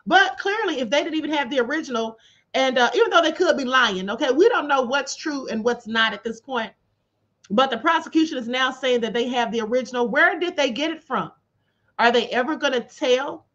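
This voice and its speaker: High-voiced woman hosting a live stream. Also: animated, a little fast, a bit bright, dull audio. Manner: chatty, opinionated, addresses viewers directly. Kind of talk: casual commentary.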